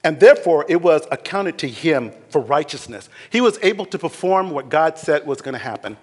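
A man preaching a sermon as pastor, animated, acting out scripture figures with laughter. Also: fairly high pitch, normal speed, slightly rough, big-room sound.

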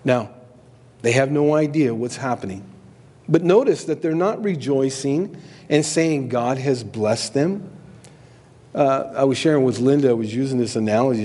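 Middle-aged man, pastor, mellow sermon voice, conversational, does quoted voices with wild pitch jumps, long hall reverb. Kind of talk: sermon with scripture reading.

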